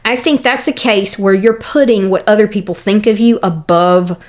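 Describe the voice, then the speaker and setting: A woman's voice: medium pitch, normal speed, a little mellow. A young adult woman hosting a Christian podcast, talking earnestly and conversationally in a casual teaching monologue with fillers. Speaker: podcast host.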